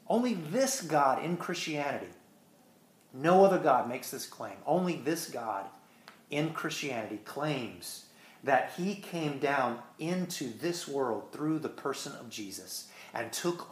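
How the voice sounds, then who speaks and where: Earnest preaching man in an echoey room. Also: mid-range voice. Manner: earnest preaching, swings between quick bursts and slow stressed words. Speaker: pastor. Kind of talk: sermon.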